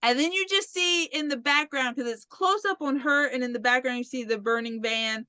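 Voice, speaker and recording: Woman podcast host, high bright voice, acts out movie scenes while she talks, dry close sound. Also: moderate pace, clear, resonant tone, dry recording. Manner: animated storytelling, acting out characters, swearing, laughing. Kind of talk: casual movie recap chat.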